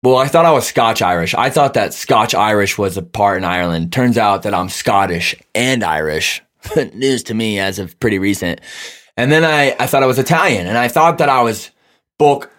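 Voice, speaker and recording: A man's voice: on the low side, lively intonation, moderate pace, fairly bright tone. A young man on a podcast telling casual, profane, joking stories about himself. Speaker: podcast co-host. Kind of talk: casual chat.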